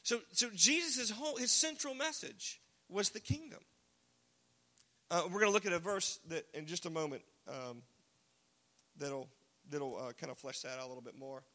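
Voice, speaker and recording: A man preaching a casual, joking sermon, now and then shouting single words for emphasis. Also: high-pitched, normal speed. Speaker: pastor. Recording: long hall reverb.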